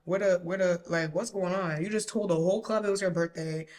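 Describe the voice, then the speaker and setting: Young woman host with a lowish voice, slangy and profane, casual storytelling. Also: fairly even intonation, brisk, a little mellow. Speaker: podcast host.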